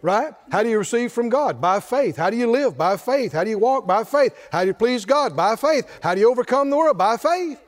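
A male pastor preaching a sermon in an emphatic call-and-response style, shouting some refrains. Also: extremely high pitch, expressive, fairly quick, few pauses.

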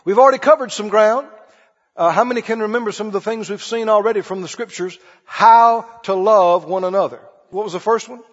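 High-voiced preacher, husky, in a reverberant hall. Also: male voice, a little fast. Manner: conversational preaching, asks the congregation questions, acts out scenes. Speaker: pastor. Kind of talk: sermon. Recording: dull lo-fi audio with long hall reverb.

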